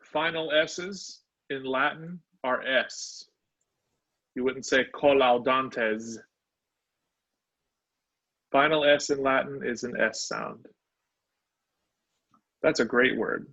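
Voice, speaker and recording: A man's voice: medium pitch, slow, creaky, pauses often, pushed and bright, slightly rough. A male instructor teaching a live online class, sounding out words syllable by syllable. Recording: dull lo-fi online call audio.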